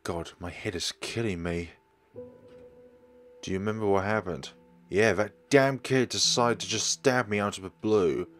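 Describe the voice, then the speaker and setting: A frightened young man from a horror game, tense and quick to lash out, as a man voices him. He has a very low voice, and faint game music sits under him. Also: close to an everyday voice. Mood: shaken. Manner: tense, defensive, outbursts. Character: frightened, angry young man hunted by a killer.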